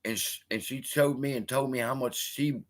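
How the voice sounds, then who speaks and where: A man's voice: medium pitch, moderate pace. A man hosting a live stream, chatting casually and swearing often as he answers viewers. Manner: profane, animated, heckling chat. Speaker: host.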